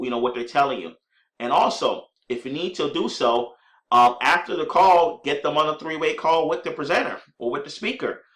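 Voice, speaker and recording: Speaking at medium pitch, a man eagerly instructs on network marketing conference calls, addressing his audience as ladies and gentlemen and upbeatly performing sample call lines. He clears a scratchy throat, and the room echoes.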